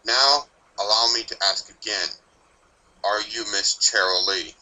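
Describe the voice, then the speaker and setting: In a fan story reading, a man voices a grumpy, ancient male Grim Reaper pony, blunt, snappish and dryly sarcastic. His voice is lowish and bright with a forceful tone, delivered a little slowly on a rough recording.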